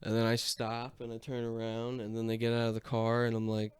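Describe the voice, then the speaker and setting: A man's voice: medium pitch, monotone, a little fast, smooth, no echo. A young man casually telling a personal story, swearing freely and mocking himself as he rambles along. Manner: profane, self-mocking, rambling.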